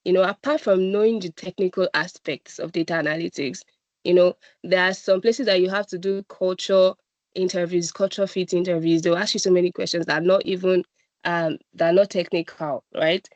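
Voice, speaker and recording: A woman with a Nigerian accent gives an encouraging talk to a boot camp group and keeps checking in with her listeners. Her voice sits on the lower side and sounds dry and close. The audio is dull and lo-fi. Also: steady tone, fairly quick, dry recording. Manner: encouraging, repeats "right?" and "I'm telling you". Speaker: guest speaker at a data analytics boot camp. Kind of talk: presentation talk.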